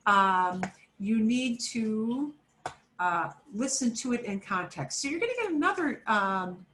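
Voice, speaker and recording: A woman's voice: fairly high pitch, lively intonation, a little slow, a bit bright, a little hiss or hum. Chatty woman teaching a beginner Spanish class. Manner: chatty and repetitive, with fillers and self-corrections; switches between English and Spanish. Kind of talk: online class instruction.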